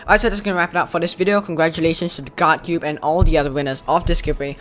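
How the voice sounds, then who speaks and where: Male host, casual reaction commentary, enthusiastic, chatty, slightly higher voice. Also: fairly even intonation, very fast, a bit bright. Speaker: channel host judging a giveaway.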